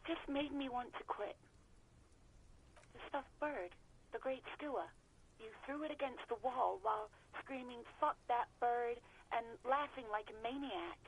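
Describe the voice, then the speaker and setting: Brief: an anxious, polite ex-waitress in a video game, a touch high, apologetic, dodging questions. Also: female voice, measured pace, a little hiss or hum, rough recording. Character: nervous young woman, ex-bar waitress on a phone call.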